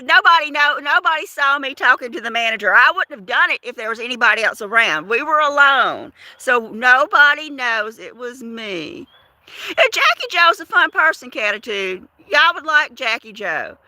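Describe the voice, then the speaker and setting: Chatty woman, bright and high. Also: moderate pace, no room sound. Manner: chatty, animated, repeats words for effect. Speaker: livestream host chatting with viewers. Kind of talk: casual livestream chat, storytelling.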